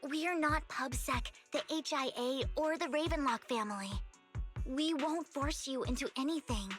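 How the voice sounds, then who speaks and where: An actress voicing a calm young woman in a video game, speaking in a soothing, composed way. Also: high voice, moderate pace, faint music behind.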